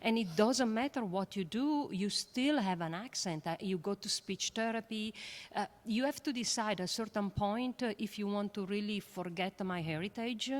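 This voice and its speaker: A woman with an Italian accent, whose first language is Italian, speaks as an astrophysicist and educator on a panel, earnest and halting with many fillers. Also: medium pitch. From Italy. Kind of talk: panel discussion.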